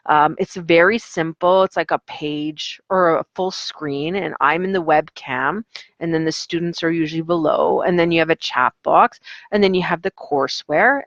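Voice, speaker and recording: A woman's voice: lowish voice, a bit bright, no echo, muffled recording. A woman, an online English teacher, chatting casually in a vlog with a rambling, filler-heavy manner. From Canada.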